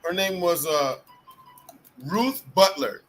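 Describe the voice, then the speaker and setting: A man's voice: sits high, lively intonation, slow pace, a bit bright, soft background music, poor audio. A man hosting a live group video call, telling rambling, profane stories with bursts of laughter. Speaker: host of a live group chat. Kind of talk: casual storytelling chat.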